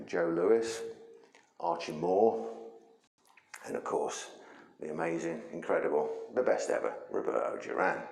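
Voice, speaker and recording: A man's voice: on the low side, vocal fry, a little mellow, echoey room, rough recording. A man teaching a martial arts lesson, explaining things conversationally while he demonstrates moves.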